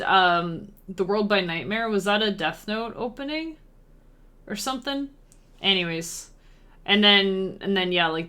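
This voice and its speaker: A woman with a bright, forceful voice, chatting away on a live stream while she composes chiptune music. She rambles casually, reads her chat out loud and hums little melody ideas as she works. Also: on the low side.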